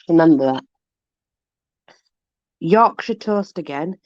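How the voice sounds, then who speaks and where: A woman's voice: mid-range voice, lively intonation, slow pace, long pauses, warm tone, no echo. A woman hosting, reading sayings from a book aloud with amused, puzzled asides and the odd swear word. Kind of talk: casual reading aloud with commentary. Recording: dull, dry lo-fi recording.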